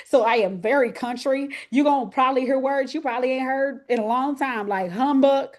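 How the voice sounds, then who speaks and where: A woman's voice: sits high, a little fast. A woman from Texas with a Texas accent preaching to women, folksy and country, calling on listeners by name. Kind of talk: lively sermon to women's group.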